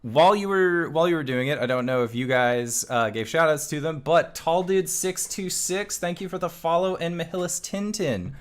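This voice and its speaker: A man's voice: on the high side, moderate pace, few pauses. A man running a tabletop game as dungeon master, chatting casually to his stream audience and a little out of breath. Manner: chatty, rambling, laughs often. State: a bit out of breath.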